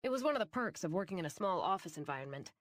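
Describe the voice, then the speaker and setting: Audiobook narrator: woman, first-person fantasy read, low-ish voice, wry, dead-dry booth sound. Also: big pitch swings, racing, no room sound.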